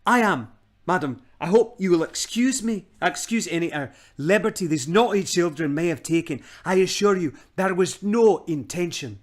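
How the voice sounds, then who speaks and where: Man doing a stammering fawning old gentleman. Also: high voice, expressive, normal speed, pitched above the performer's own voice. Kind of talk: storybook read-aloud.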